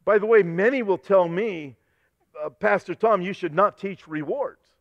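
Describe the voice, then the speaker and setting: A man's voice: high-pitched, moderate pace, gravelly, dry recording, lo-fi sound. A male pastor preaching a fervent sermon, quoting scripture and losing his voice.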